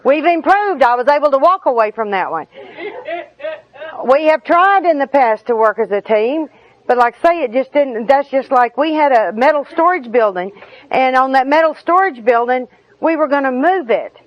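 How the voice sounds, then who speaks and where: High-voiced woman telling funny stories. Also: animated, normal speed, dry recording. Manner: folksy, laughing through her own stories. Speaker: speaker at a recovery meeting. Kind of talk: humorous personal storytelling. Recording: dull lo-fi recording with audience.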